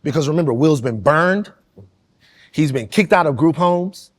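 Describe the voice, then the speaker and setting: A man's voice: on the high side, expressive, moderate pace. A man on a casual panel podcast, speaking with passion and repeating points for emphasis as he tells a story.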